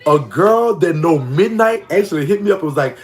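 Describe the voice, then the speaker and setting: Gossipy man from Louisiana, Southern accent. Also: fairly quick. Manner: gossipy and animated, voice jumping high when reacting to comments. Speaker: vlogger telling prison stories. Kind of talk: casual storytime monologue.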